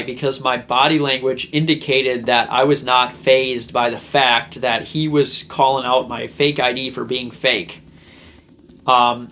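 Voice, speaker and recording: Pushed and bright, the medium-pitched voice belongs to a young self-help video host. Talking casually to camera, he rambles through a story and acts out its scenes in put-on voices.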